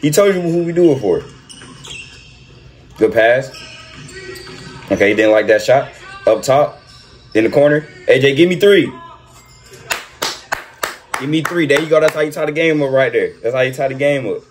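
A man doing excited reaction commentary over a basketball video, repeating himself and talking in slang. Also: mid-range voice, normal speed, long pauses, faint music behind. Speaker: reaction streamer.

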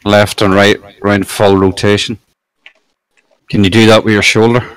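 A man's voice: fairly low pitch, little pitch movement, normal speed, clear, resonant tone, low-quality recording. A man bantering on a friend's stream, blunt, matter-of-fact and sweary. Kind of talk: casual banter. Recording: game engine noise behind.

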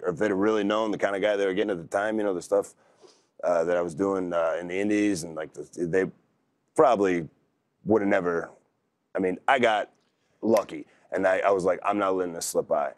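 A wrestler in his thirties, appearing as an interview guest, tells stories in a laid-back, rambling manner. His voice sits low, and the recording has no echo.

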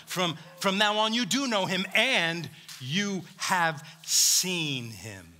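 A man's voice: high voice, lively intonation, slow, few pauses, sharp tone. A man preaching a sermon as pastor, emphatic, acting out quoted speech and calling out to the congregation.

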